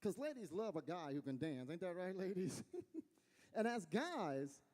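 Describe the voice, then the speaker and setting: A man with a West Texas accent doing folksy, animated stand-up storytelling on a fair stage. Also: high voice, unhurried, long reverb tail. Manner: animated storytelling, folksy, laughs at own jokes. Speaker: stand-up comedian. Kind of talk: stand-up comedy.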